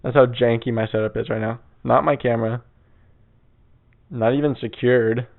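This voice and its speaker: A young man chats through a solo podcast from his bedroom, rambling and swearing in a laid-back way. His mid-pitched voice has a gravelly fry. The old mic gives the recording a tinny, phone-like narrowness. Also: steady tone, normal speed. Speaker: podcast host. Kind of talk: casual solo podcast storytelling. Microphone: old mic on a stand.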